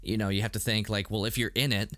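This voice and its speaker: A man co-hosting a casual review podcast, rambling through scenes and acting out quick quotes. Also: on the low side, flat delivery, fairly bright tone, no echo. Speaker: podcast co-host reviewing a TV episode.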